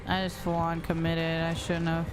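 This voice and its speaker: A woman's voice: low voice, monotone, normal speed. A young adult woman streaming a game, chatting casually in a playful, teasing way and laughing often. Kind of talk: casual gameplay chat. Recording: stream with music underneath.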